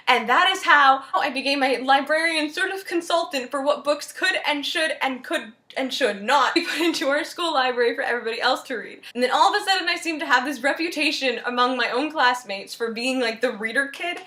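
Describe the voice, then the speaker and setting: Bright-voiced chatty young woman book vlogger. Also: high-pitched, fairly quick, hardly any pauses, echoey room. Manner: chatty and animated, with many "like" fillers. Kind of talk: casual storytelling to camera.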